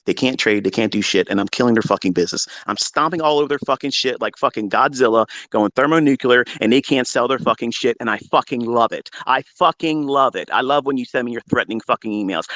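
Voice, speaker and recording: A middle-aged man speaking off the cuff from his basement, his voice sitting at an ordinary male pitch. He talks in a blunt, profane, combative way and keeps flaring into loud tirades. The sound is dry, with almost no room around it. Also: no room sound. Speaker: trading mentor hosting a live audio chat. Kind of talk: unscripted live audio rant. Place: home basement.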